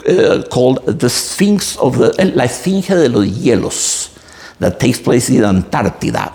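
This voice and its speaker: Gravelly man, theatrical. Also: mid-range voice, a little mellow. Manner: theatrical, emphatic reading with wide swings. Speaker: literature teacher. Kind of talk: literature lesson with dramatic reading.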